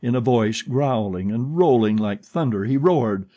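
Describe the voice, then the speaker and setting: A man narrating a classic novel as an audiobook, with a lively, expressive reading. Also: medium pitch, measured pace, hardly any pauses. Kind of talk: scripted narration.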